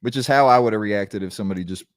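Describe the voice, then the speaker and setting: A man's voice: fairly low pitch, rapid-fire, no echo, clean studio sound. A man with a North Carolina accent, co-hosting a casual comedy podcast with loose, profane banter. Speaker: podcast co-host.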